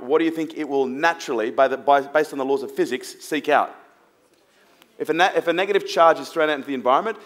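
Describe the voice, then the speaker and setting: A man with a slightly raised voice speaks as a motivational speaker to a live audience. He is emphatic and blunt, swears freely and keeps throwing rhetorical questions at the crowd. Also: fairly high pitch. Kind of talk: seminar talk to a live audience.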